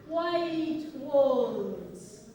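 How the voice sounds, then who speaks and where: A woman's voice: sits high, very animated, drawn-out words, warm tone, a little hiss or hum. Young woman from Uganda, an academic giving a fiery speech. Recorded from far off in a big echoey hall. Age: young adult. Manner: rhetorical, emphatic, with frequent "okay?" asides. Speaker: academic speaker. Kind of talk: impassioned public speech.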